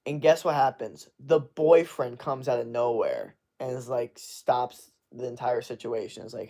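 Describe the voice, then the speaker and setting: A man's voice: medium pitch, big pitch swings, unhurried. A young man giving blunt, profane advice in a casual live-stream rant, full of fillers and emphatic swearing. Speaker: streamer answering chat.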